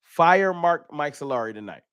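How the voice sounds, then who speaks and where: A man's voice: on the high side, expressive, normal speed, fairly bright tone, clear, resonant tone, dry recording, studio quality. A man hosting a casual fan livestream, reading super chats and venting with frustration and bursts of laughter. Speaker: fan channel host.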